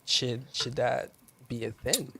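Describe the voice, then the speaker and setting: A man with a mid-range voice hosting a relaxed podcast. He keeps the talk moving with short questions and quick acknowledgements. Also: medium pitch, creaky, slightly rough. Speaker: podcast host. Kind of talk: casual podcast chat.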